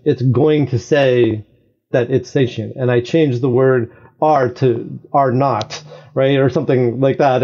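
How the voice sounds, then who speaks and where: A man talking as a podcast guest, explaining at length in an animated way and often checking in with "right?". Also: medium pitch, muffled recording. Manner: animated, talks in long explanations with frequent "right?". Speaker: guest, AI games designer. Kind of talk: conversational explanation.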